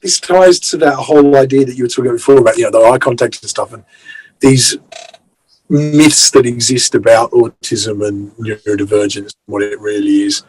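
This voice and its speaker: Husky-voiced male podcast co-host. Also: medium pitch, steady tone, moderate pace, darkish tone, poor audio. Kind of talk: casual chat.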